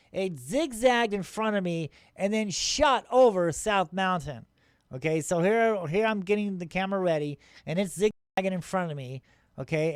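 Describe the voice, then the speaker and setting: Excitable high-voiced man talking over footage. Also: clear, resonant tone, dry recording, studio quality. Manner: excitable, rambling, with many restarts and chuckles; incredulous toward skeptics. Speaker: paranormal channel host. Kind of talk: casual commentary over his own video footage.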